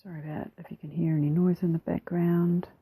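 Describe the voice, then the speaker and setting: A woman with a New Zealand accent narrating her craft process over a time-lapse, soft-spoken and relaxed, often slipping into a whisper, a little self-deprecating. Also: lowish voice, fairly quick, husky, no echo, narrow, tinny audio. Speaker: mixed media artist.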